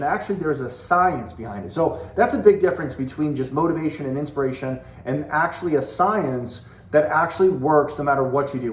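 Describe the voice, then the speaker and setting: A direct sales team leader and coach in his forties gives his team a motivational talk, earnest and conversational, hammering points home through repetition. His voice runs a little high, and the recording has a noticeable roomy echo.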